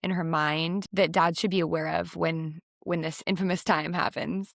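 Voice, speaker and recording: Woman podcast host, lower pitch, dry close mic, interviewing style. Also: steady tone, normal speed, creaky, no room sound. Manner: affirming listener, frequent "mm-hmm", long framing questions. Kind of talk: interviewing a guest.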